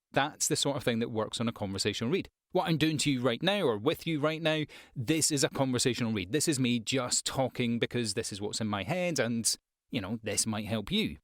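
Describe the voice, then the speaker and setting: A man's voice: mid-range voice, no echo, studio quality. A man hosting a casual voice-over tips video, chatty and self-deprecating, with fillers and restarts. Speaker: voice-over artist and channel host.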